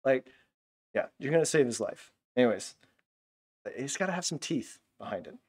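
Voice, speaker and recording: A man teaching a Bible lesson in a casual, animated way, full of fillers like "like". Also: mid-range voice, normal speed.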